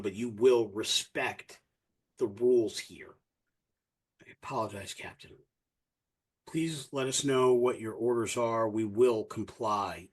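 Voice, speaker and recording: A man's voice: fairly low pitch, slightly rough. A man voicing a stern female alien commander who speaks in a clipped, formal, subdued way. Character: stern female alien commander, dutiful, worried for her team.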